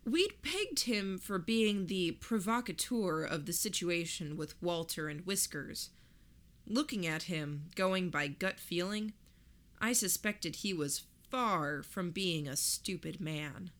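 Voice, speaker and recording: A woman reading a first-person story aloud in a measured, reflective way. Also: fairly low pitch, animated, a bit bright. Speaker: narrator. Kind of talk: first-person audiobook narration.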